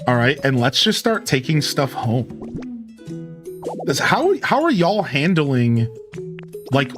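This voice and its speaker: A man streaming a video game and chatting casually with his viewers. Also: mid-range voice. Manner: chatty, talks to chat, "dude" and "like". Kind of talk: casual let's-play commentary.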